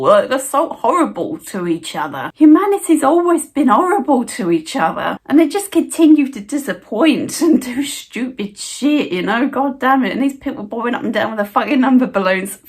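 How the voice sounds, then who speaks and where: Woman vlogger, exasperated sweary rant, slightly high pitch. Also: very animated, normal speed, few pauses, breathy edge. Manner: swears heavily, exasperated ranting. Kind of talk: ranting vlog.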